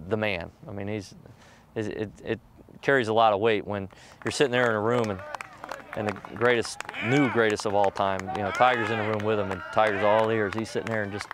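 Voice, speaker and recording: A middle-aged man, a professional golfer, telling candid stories in an interview, acting out other people's lines with jumps in pitch. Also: background noise. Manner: animated, acts out quoted voices with jumps in pitch.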